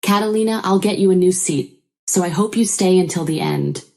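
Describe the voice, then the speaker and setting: A woman's voice: fairly low pitch, wildly swooping pitch, brisk, warm tone. A woman voicing a fierce, protective young sister-in-law who scolds and demands answers. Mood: cold.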